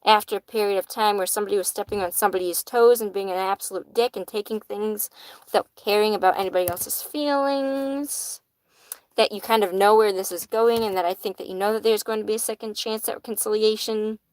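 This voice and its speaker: A woman's voice: medium pitch, steady tone, a little fast, a little mellow, poor audio. A woman giving casual live-stream tarot readings in a chatty manner, swearing casually and laughing easily. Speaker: tarot reader.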